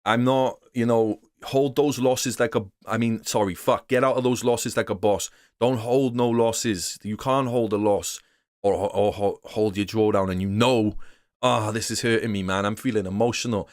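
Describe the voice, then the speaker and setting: A man's voice: lowish voice, fairly even intonation, a little slow, darkish tone, no room sound, clean studio sound. A man teaching day trading in a loose, profane, slangy way, often acting out other traders' voices. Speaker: trading course instructor. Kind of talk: casual unscripted teaching.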